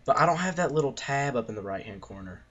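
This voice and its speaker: A man's voice: medium pitch, lively intonation, fast, fairly bright tone. A teenage boy hosting a casual gameplay chat from his bedroom, playful and sometimes reading game text aloud in a mock-serious voice. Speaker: gaming channel host. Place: bedroom at home. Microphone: computer mic. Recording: dull, lo-fi game capture.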